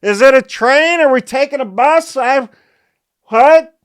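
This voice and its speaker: Man doing squeaky, flustered lost friend. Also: a little slow, a bit bright, smooth. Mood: confused. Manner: high, panicky and confused. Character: flustered, lost young friends late for a party.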